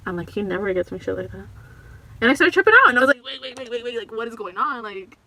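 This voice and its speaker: A woman's voice: mid-range voice, pushed and bright, slight background noise, poor audio. A young woman doing her makeup while telling a story, talking casually and expressively with lots of slang and swearing and the odd Spanish phrase. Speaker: beauty vlogger. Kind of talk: get-ready-with-me storytime.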